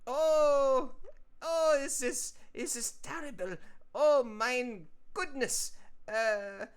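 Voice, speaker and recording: A man's voice: very high-pitched, very slow, smooth, pitched above the performer's own voice, heavily acted. A man voicing a panicky male picture frame who hosts a children's show, wailing in a clumsy put-on accent. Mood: panicked.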